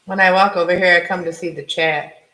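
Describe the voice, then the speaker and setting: Cooking at home, this male vlogger rambles chattily to his live chat, often correcting himself mid-thought. He speaks briskly in a high-pitched voice with fairly even intonation. Recorded on a camera mic set back from the stove, the kitchen sounds echoey, with faint noise underneath.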